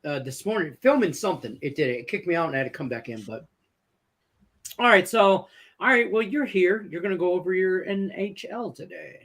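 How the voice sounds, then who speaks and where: A man's voice: high voice, lively intonation, fairly quick, a bit bright. A man hosting a sports betting show over a video call. He talks in a loose, joking way. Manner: loose and joking, self-deprecating. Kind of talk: casual sports betting chat.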